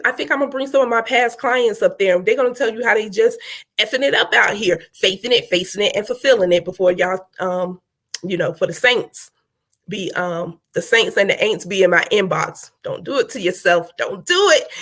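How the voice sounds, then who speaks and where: A middle-aged woman coaching her viewers live in a motivational talk. She punches her points with repeated phrases and keeps asking "right?" in a preachy cadence. Her voice sits at an ordinary pitch for a woman. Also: a bit bright.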